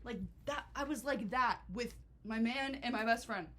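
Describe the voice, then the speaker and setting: A young woman telling a storytime vlog in a chatty, animated way, full of swearing and filler words. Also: fairly high pitch, normal speed. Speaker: vlogger.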